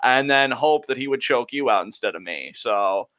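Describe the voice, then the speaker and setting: A man's voice: medium pitch, lively intonation, moderate pace, pushed and bright. A young man co-hosting a casual podcast, joking and laughing often as he chats. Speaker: co-host.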